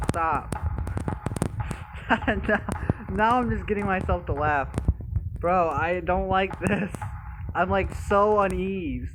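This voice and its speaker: Jittery young man, slow slangy game talk. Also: high-pitched, noisy background. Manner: nervous, keeps saying bro and dude. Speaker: gamer. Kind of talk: horror game commentary. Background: game music.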